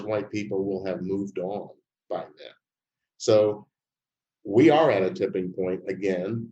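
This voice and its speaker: An older man giving an interview answer in a measured, emphatic way, telling anecdotes. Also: deep voice, mellow, lo-fi sound. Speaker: interview guest, filmmaker.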